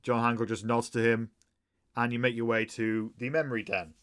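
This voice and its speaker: Acting as game master for a tabletop game, a man narrates in a relaxed way full of fillers. His voice is medium-pitched and clean, at a normal speed.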